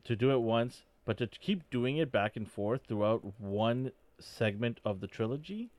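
A man's voice: medium pitch, expressive, normal speed, a little mellow, dry recording. A man in a casual fan discussion, opinionated and rambling as he builds his points.

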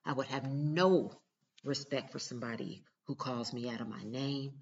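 A woman's voice: extremely low pitch, normal speed, slightly rough, muffled recording. A mother talking straight to her viewers in a casual vlog, earnest, emphatic and direct. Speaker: mother giving relationship advice.

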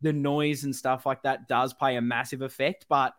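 A man's voice: medium pitch, flat delivery, moderate pace, a bit bright, no room sound, clean studio sound. A man with an Australian accent co-hosting a casual fan podcast, rallying supporters and plugging the show with enthusiasm. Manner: enthusiastic, rallying, plugs socials. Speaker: podcast co-host.

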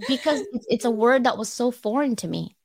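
A middle-aged woman speaking at an online audio event, telling candid personal stories with animation, quick to laugh and close to tears. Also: fairly high pitch, animated, vocal fry. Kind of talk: emotional personal storytelling.

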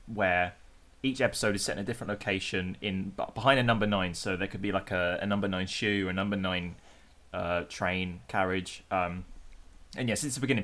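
Ranting man on a podcast. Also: sits low. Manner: animated ranting with mild swearing. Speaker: podcast co-host. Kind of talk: casual chat.

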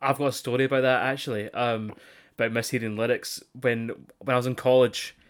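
A man's voice: medium pitch, little pitch movement, brisk. A man in his twenties, co-hosting a wrestling podcast in a casual chat, laughing often and swearing casually. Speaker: podcast co-host.

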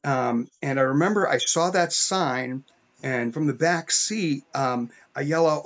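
An author guest from upstate New York tells stories in a casual podcast conversation, speaking a little slowly in a medium-pitched, fairly bright voice. He rambles, with lots of fillers, and the audio is muffled and lo-fi.

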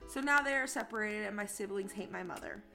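A woman's voice: medium pitch, quick pace, vocal fry, faint music behind. Young woman reading a post, then ranting. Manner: swearing, animated and indignant. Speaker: podcast co-host. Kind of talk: casual podcast chat, reading a post aloud.

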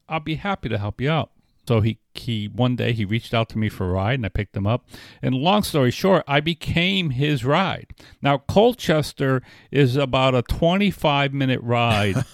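A man's voice: mid-range voice, no room sound, clean studio sound. A man telling a story in casual chat, often circling back and restarting his sentences. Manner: rambling, frequent restarts and filler.

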